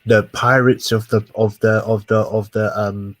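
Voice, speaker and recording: A man's voice: lowish voice, level tone, measured pace, no echo. A man in a heated casual podcast debate, emphatic and swearing, repeating words to press his point. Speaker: podcast co-host.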